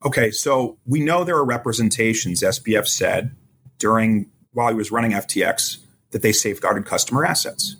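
A man as a legal expert guest, explaining courtroom rules in a measured way and quoting testimony. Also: fairly low pitch, a bit bright, slight background noise. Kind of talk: podcast interview analysis.

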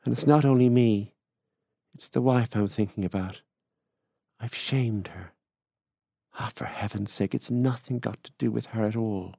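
A man reading aloud, voicing a middle-aged rural widower who tells his story in a slow, confiding way. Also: fairly low pitch, vocal fry, warm tone, no echo, clean studio sound. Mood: rueful.

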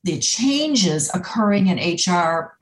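A woman in her sixties, an HR consultant telling stories in a lively interview, with many fillers. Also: slow, a little hiss or hum. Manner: animated storyteller, acts out quotes in higher pitch. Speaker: HR consultant, guest. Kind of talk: conversational interview. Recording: echoey room.

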